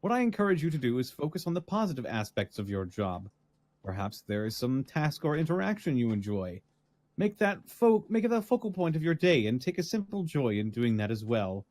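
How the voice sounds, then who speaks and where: A gentle, loving lady who writes advice letters, voiced by a man. Her reading is earnest and lilting, with lively pitch that rises and falls. The sound is dry and close. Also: a little fast, dry recording, close to an everyday voice. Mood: caring.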